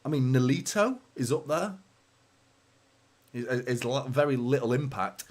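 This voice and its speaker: A man, hoarse from a sore throat, hosting a fan watchalong with live match commentary and chatty, sweary, teasing banter. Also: medium pitch, lively intonation, unhurried, a little mellow.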